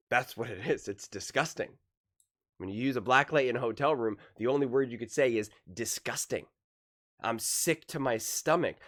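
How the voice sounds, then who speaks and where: A man's voice: mid-range voice, a bit bright. A man ranting in a reaction commentary on sports, heated and repetitive.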